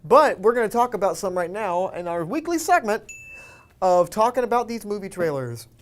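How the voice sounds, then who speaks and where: A man's voice: high-pitched, sing-song, moderate pace. A man hosting a casual movie-talk podcast, chatting in an upbeat, easygoing way. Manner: chatty, upbeat host patter. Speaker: host.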